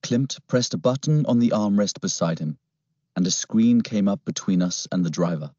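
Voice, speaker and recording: A man narrating an adventure audiobook in first person with a steady storytelling manner. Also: lowish voice, normal speed, no room sound. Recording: dull lo-fi, dry recording.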